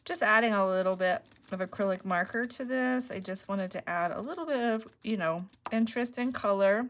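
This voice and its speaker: A woman's voice: mid-range voice, fairly quick, a bit bright. A woman hosting a casual craft tutorial, chatting and explaining each step as she works. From Northeast Ohio. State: emotional, voice dropping low. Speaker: crafting channel host.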